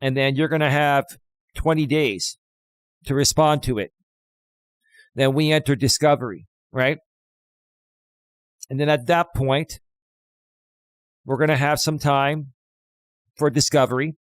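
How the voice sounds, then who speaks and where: A man's voice: mid-range voice, steady tone, measured pace, pauses often, clear, resonant tone, no room sound. A man hosting a livestream, ranting in a combative, taunting way and repeating himself for emphasis. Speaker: livestream host. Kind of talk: confrontational livestream rant.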